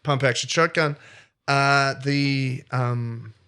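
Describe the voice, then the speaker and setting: A man's voice: medium pitch, fairly even intonation, slow, bright, forceful tone, clear, resonant tone. A man co-hosting a comedy podcast, retelling a story in a playful, rambling way. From not American. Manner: playful, rambling, self-interrupting. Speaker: podcast co-host.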